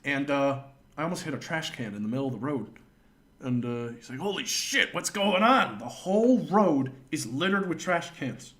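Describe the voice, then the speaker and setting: A man's voice: medium pitch, animated, normal speed. A man streaming live and telling a rambling, profane anecdote, stopping to thank viewers. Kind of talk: casual storytelling on a livestream.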